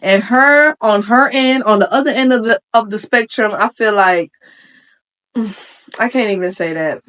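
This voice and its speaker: A young woman with a slightly high voice talks straight to the camera as a vlogger. She is chatty and slangy, with frank opinions and quick asides. It sounds like a casual reaction video. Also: a bit bright. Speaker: vlogger reacting to a Reddit post. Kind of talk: casual commentary.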